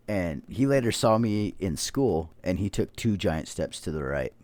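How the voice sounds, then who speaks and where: Low-voiced man telling stories. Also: very animated, normal speed, hardly any pauses, a little mellow, no echo. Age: 30s. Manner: rambling storytelling, heavy swearing. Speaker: podcast host. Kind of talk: casual chat.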